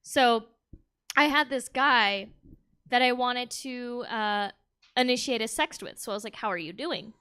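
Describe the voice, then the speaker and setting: A woman works a comedy club crowd from the stage with a bawdy, brash stand-up set, chuckling along at her own jokes. Her voice sits a little high and comes through smooth and clear on the stage mic. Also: unhurried, pushed and bright. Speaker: stand-up comic.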